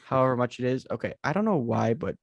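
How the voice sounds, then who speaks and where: A man's voice: mid-range voice, expressive, quick pace, creaky, no echo, lo-fi sound. A man co-hosting a podcast in casual chat, rambling and hesitant with many fillers, talking over a video call. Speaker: podcast co-host.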